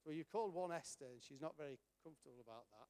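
Middle-aged man, animated storyteller acting out quoted voices, fairly high voice. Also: rapid-fire, smooth. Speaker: speaker at a charity event. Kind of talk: storytelling talk.

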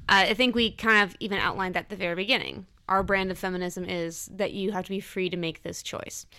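A woman co-hosting a casual podcast about a film, talking in an animated way and acting out quotes in shifting voices. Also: mid-range voice, quick pace. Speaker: podcast co-host.

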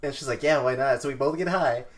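A man chats on a casual podcast in a relaxed, amused way, telling a lazy, sleepy story. Crowd chatter runs behind his voice. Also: mid-range voice, fast. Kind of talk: casual chat.

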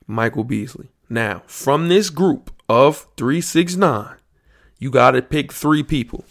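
Gravelly and mid-range, this podcast host speaks slowly but with animation. Alone at the mic, he muses aloud about sports slang in a loose, swear-filled, casual riff.

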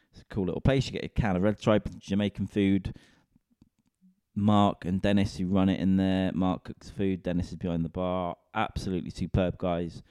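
Deep sweary man ranting casually. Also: mellow, smooth, dry recording. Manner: rambling, sweary, self-mocking. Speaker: comedian and podcast host. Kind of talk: casual solo rant.

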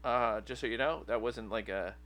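Podcast guy in his 30s, kinda low voice but bright and punchy, rambles a lot, um uh like. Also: moderate pace. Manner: rambling, many fillers and restarts. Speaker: podcast co-host. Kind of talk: casual chat.

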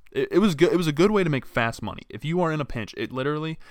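A man's voice: on the high side, expressive, fast talker, no echo, clean studio sound. A young man hosting a podcast, ranting in a casual, profane and rambling way, full of exasperated restarts. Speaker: podcast host. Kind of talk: casual solo rant.

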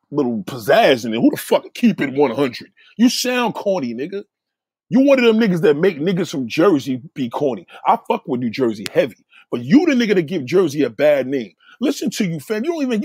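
A man's voice: slightly rough, no room sound. A man hosting his channel, mocking viewers in a profane, heated rant. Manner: animated, swinging pitch. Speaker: channel host reacting to viewers. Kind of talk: heated live commentary.

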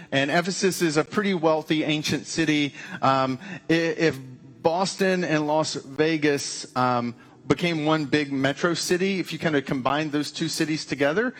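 A man's voice: a little high, husky. A man preaching a conversational sermon, with frequent restarts and casual asides. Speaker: pastor.

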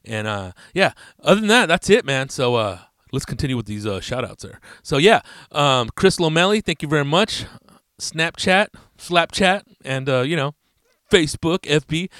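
A man's voice: mid-range voice, fairly bright tone, no echo, clean studio sound. A young man hosting his podcast, talking loose and profane, rambling in slang with frequent laughs. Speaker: podcast host. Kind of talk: casual podcast monologue.

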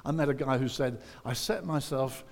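A man's voice: medium pitch, moderate pace, creaky. A pastor preaching a conversational sermon and praying, acting out the inner thoughts of his listeners. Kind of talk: sermon with prayer. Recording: reverberant church hall.

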